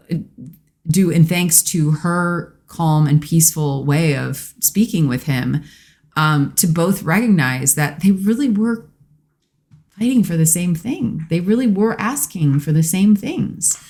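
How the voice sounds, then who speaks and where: A woman's voice: lowish voice, measured pace. A woman in casual conversation on a podcast, speaking earnestly and reflectively about relationships. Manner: earnest, reflective, quotes people in lively bursts. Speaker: podcast guest, host's wife.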